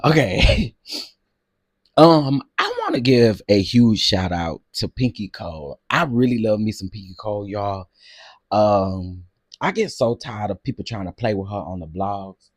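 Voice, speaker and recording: A man hosting a casual livestream, talking to his chat in an animated way and laughing often. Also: lowish voice, unhurried, no echo, studio quality. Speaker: livestream host.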